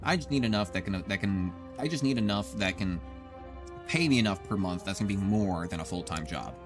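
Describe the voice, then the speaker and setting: A man in his thirties gives casual, rambling gameplay commentary as a streamer, swearing often and talking to his chat. His low voice is expressive and a little fast, with music playing in the background.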